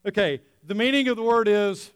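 A male pastor preaching a lively sermon, laughing often and acting out scenes for the congregation. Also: sits high, fairly quick, clean tone, no room sound, studio quality. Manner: animated, laughing often, acting out an excited dog.

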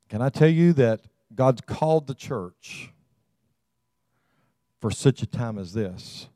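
A man's voice: medium pitch, lively intonation, slow, long pauses, dark tone, dry recording. A man preaching to his congregation, emphatic and rousing, calling out to them again and again. His voice is recorded close and dry, with almost no room sound. He repeats words as he builds each point. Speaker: pastor. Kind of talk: sermon.

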